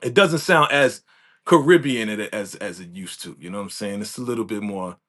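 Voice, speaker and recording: A man's voice: fairly low pitch, a little fast, fairly bright tone. A man co-hosting a casual live recap chat. He is playful, chuckles often and repeats his points. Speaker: co-host.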